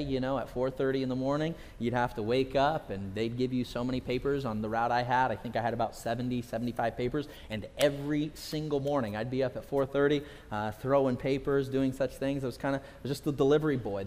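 A man's voice: mid-range voice, brisk, few pauses, a little mellow. A middle-aged man from California, a pastor preaching a sermon, telling stories and repeating phrases for emphasis. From California, USA. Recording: long reverb of a hall.

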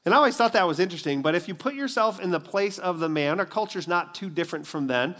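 Brief: animated male preacher, fairly high voice, storytelling sermon. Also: quick pace. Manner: animated storytelling, acts out the scenes. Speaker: pastor.

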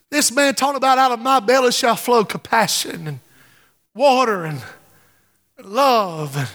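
Man preaching, fervent sermon, high voice, long church reverb, faint music behind. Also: expressive, unhurried, long pauses. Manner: fervent preaching, drops to hushed tones and breaks into song. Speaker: pastor. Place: church sanctuary.

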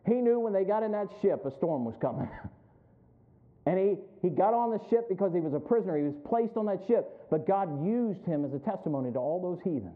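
A man's voice: high-pitched, lively intonation, a little fast. A male pastor preaching a sermon, with emphatic, rising calls and frequent questions to the congregation. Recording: tinny phone-like sound.

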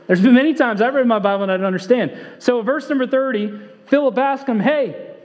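A man's voice: very high voice, fast talker, a little mellow. A male pastor preaching a sermon, earnest, repeating key phrases for emphasis and telling stories in a conversational way. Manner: conversational storytelling with fillers. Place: church sanctuary. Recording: long hall reverb, dull lo-fi sound.

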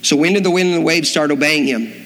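A man's voice: fairly high pitch, quick pace, a bit bright. A man preaching a sermon, building in intensity and acting out the voices he quotes. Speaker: pastor. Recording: long reverb in a hall, faint music behind.

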